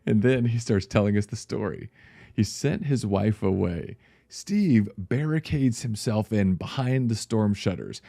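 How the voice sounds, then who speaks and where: A middle-aged man, a pastor, telling a story in a casual, animated way and laughing now and then. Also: on the low side, dry recording, clean studio sound.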